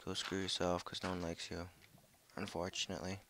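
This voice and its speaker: A young man giving casual gameplay commentary from home on a headset mic, excitable, jumpy and swearing often. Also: sits low, a little fast, a little hiss or hum. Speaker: gaming video creator.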